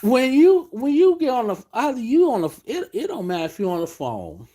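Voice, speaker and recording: A man's voice: very high-pitched, wildly swooping pitch, brisk, dark tone. A man hosting a late-night live stream, ranting in a profane, exasperated way.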